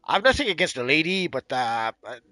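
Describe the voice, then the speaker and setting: A man's voice: on the high side, big pitch swings, pushed and bright, no echo, soft background music. A man co-hosting a game livestream in casual chat, blunt and opinionated, often stumbling and repeating words as he talks. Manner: halting, repeats words, trails off.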